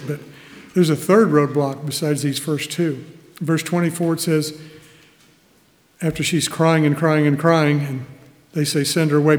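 A man preaching a sermon, reading scripture verses aloud and explaining them with an easy, chuckling manner. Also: on the high side. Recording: hall reverb.

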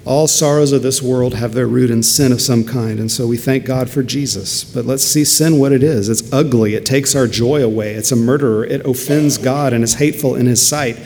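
Earnest preacher in an echoing hall. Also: male voice, medium pitch, normal speed, few pauses, darkish tone, slight background noise. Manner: earnest, rises to emphatic peaks. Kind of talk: sermon. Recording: long hall reverb, faint ambience.

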